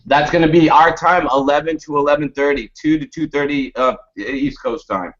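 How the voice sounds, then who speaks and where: A man's voice: on the high side, moderate pace, fairly bright tone. A man joining a casual video chat as a guest, easygoing and joking. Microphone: video call. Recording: muffled lo-fi web stream.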